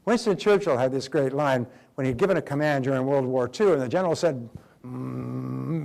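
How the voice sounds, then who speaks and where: A middle-aged man delivers a motivational talk at an average pitch. He drives his points home by repeating them and acts out short exchanges in quoted voices. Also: expressive, fairly quick, vocal fry, darkish tone. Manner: emphatic, repeats key phrases, acts out quoted dialogue. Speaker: motivational speaker.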